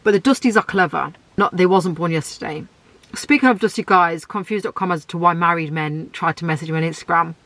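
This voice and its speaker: Blunt young woman with a deep voice. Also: a little fast, fairly bright tone, no echo. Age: 20s. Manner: blunt, outspoken, ranting. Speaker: podcast host. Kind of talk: solo podcast monologue.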